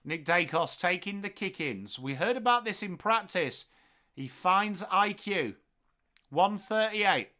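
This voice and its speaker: An English man hosting a live football watchalong, calling the play and joking with chat viewers in an excitable, playful way. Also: high-pitched, takes it slowly. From England. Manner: excitable, jokey, bursts into loud calls of the play. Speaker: watchalong host.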